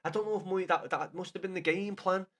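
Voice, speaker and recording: A man's voice: high voice, steady tone, fast talker, fairly bright tone. A man streaming live, rambling and swearing, laughing a lot and talking to viewers by name. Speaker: livestreamer. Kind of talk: casual live stream chat.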